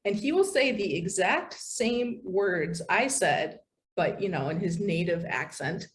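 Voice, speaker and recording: An American woman guest talks in a chatty, animated way, with plenty of fillers along the way. Her voice sits fairly low. A faint hiss of noise runs under the recording. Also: a little slow. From United States. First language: English. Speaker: podcast guest, content writer. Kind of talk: casual interview chat.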